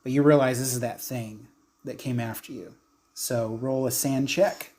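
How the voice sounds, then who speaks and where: A man narrating a tabletop horror game as game master, describing scenes in an unhurried way with frequent fillers. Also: mid-range voice, steady tone, darkish tone.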